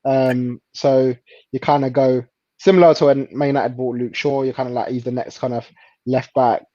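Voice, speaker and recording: A man chatting casually about football as a co-host, relaxed and hesitant, often laughing. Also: mid-range voice, normal speed, no echo, lo-fi sound.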